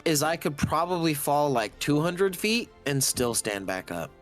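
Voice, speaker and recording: A man's voice: fairly high pitch, very animated, measured pace, faint music behind. A man playing a tabletop game, joking around with the group. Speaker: player. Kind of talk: casual tabletop play.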